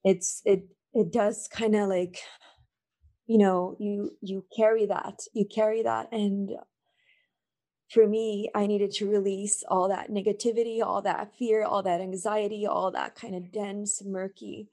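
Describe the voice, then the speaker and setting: A woman talks over a call in a loose, casual conversation. She speaks from the heart, rambling through many fillers and restarts as she gets emotional. Her voice sits in an ordinary middle pitch. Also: flat delivery, unhurried, mellow. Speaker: podcast guest.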